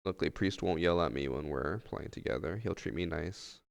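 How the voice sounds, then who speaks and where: Brief: low-voiced male streamer, gravelly edge, laid-back rambling chat, long reverb. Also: brisk. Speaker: game streamer. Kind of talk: casual live-stream chat.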